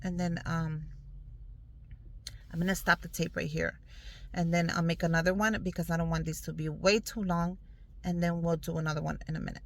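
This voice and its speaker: A woman's voice: lowish voice, level tone, brisk, pauses often, low-quality recording. A woman in her thirties telling her health story in a casual vlog, earnest and upbeat, talking straight to viewers from a car. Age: 30s. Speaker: vlogger. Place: in a parked car outdoors in sun.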